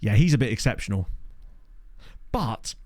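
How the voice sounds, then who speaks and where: A gaming YouTuber with a fairly low, darkish, very animated voice casually commentates his own let's play at a moderate pace. He's chatty, thinks aloud and throws in jokey asides, recorded dry on a desk microphone at home.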